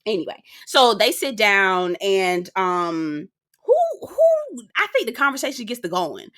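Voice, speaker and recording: A woman's voice: medium pitch, animated, moderate pace, bright, forceful tone. A woman, giving a sassy, slang-filled recap of a reality show with mock voices. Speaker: reality TV reviewer. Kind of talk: casual recap commentary.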